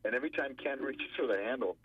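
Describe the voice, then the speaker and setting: A man, an attorney calling in to a radio show, telling a story in an animated way and acting out the quotes. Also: medium pitch, quick pace, breathy edge, no room sound. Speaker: attorney guest on phone. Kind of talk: radio phone interview storytelling. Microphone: telephone. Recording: muffled phone line.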